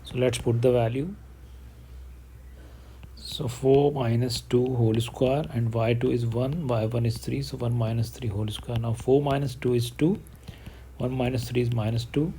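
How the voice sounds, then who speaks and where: A man's voice: mid-range voice, normal speed, slight background noise. A man teaching a math lesson, talking through each step of a problem aloud. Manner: steady step-by-step explaining, working problems aloud. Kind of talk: online math lesson, mixing English and Hindi.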